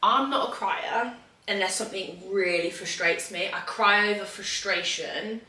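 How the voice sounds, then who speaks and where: A woman co-hosting a podcast, telling stories in a chatty, animated way. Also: mid-range voice, measured pace. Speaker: podcast co-host. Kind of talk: casual chat. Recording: echoey room, mic at a distance.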